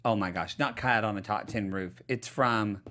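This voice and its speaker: A man from Oklahoma co-hosting an after-show, animated and teasing as he gossips about an episode. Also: lowish voice, normal speed. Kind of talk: casual chat recapping a reality episode.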